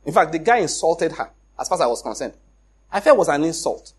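A middle-aged Nigerian man with a Nigerian accent, telling a personal story in an animated way, acting out the dialogue and laughing often. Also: fairly high pitch, fast, breathy edge. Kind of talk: casual storytelling.

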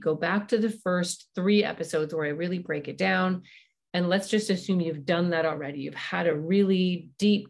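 Woman talking through parenting advice. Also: on the low side. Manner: warm explanatory, frequent fillers. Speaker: parenting podcast host. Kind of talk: conversational advice podcast.

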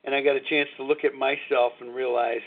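A man's voice: medium pitch, level tone, a little fast. A middle-aged man hosting a live recovery call-in show, talking in a frank, reflective, confessional way. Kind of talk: candid personal talk on live radio. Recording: narrow phone-like lo-fi line.

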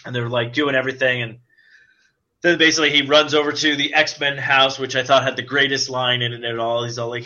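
An excitable man chatting casually on a podcast, his voice very bright and sharp. He keeps breaking into high squealing impressions of scenes, and the recording sounds dull and lo-fi. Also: fast talker. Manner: excitable, acts out movie lines in a high squealing voice. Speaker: podcast co-host. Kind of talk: casual chat.

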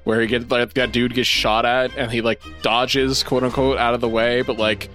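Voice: mid-range voice, flat delivery, moderate pace, a bit bright, soft background music. A player in a tabletop role-playing game, making dry jokes. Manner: dry, joking. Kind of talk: casual tabletop game play.

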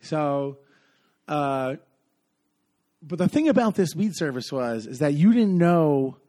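Rambling higher-voiced man telling a story. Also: lively intonation, slow pace, mellow. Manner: rambling, many fillers, acts out quotes. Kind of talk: casual storytelling in a podcast chat.

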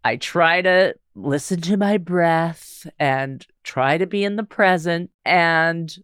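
A woman co-hosting a podcast in casual chat, sounding stuffed up and congested after nose surgery, playful and quick to laugh. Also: on the low side, fairly bright tone, smooth, dry recording, studio quality. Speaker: podcast co-host.

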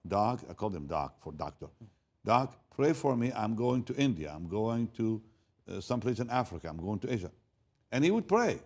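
An older man, a pastor, telling a story in a sermon, swinging from hushed asides to loud emphatic lines and often repeating words as he goes. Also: mid-range voice.

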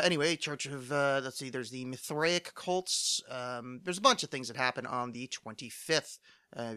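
Man, solo podcast host, rambling, swears a lot, phlegmy throat, bright tone, close dry sound. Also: medium pitch, dry recording. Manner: rambling, self-mocking, profane, many fillers. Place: home studio.

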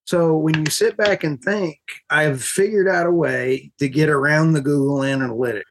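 A podcast host, a woman, talking in an excitable, rambling way and getting worked up. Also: low-pitched, moderate pace, a little hiss or hum. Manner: excitable, rambling, laughs often. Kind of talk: casual podcast chat.

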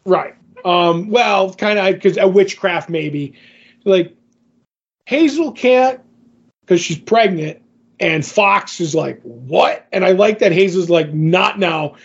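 High-voiced man rambling through a recap. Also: animated, takes it slowly, breathy edge, highs cut off. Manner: rambling recap full of fillers. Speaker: podcast co-host. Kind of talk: casual comic book discussion.

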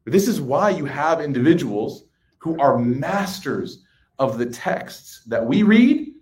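Male preacher, 30s, casual animated storyteller, echoey hall. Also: on the high side, slow pace. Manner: conversational, animated storytelling with audience asides. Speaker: religious speaker. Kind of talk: sermon with personal anecdotes. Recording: echoey room.

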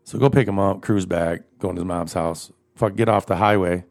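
A man with a low, gravelly voice tells stories among friends. He talks crudely and profanely, laughs often and gets animated. It is relaxed, casual chat. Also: brisk.

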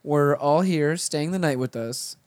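A man's voice: on the high side, measured pace, a little mellow, dry recording. A man co-hosting a podcast, bantering casually with crude, rambling jokes and frequent laughs. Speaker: podcast co-host.

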